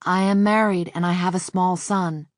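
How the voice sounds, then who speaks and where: A woman's voice: on the low side, steady tone, normal speed, no echo, close to an everyday voice. A trembling male witness pleads meekly with the court, close to tears, as a woman narrator reads his words. Her delivery stays close and dry in the recording. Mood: pleading. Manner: meek, pleading. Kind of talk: scripted audiobook narration.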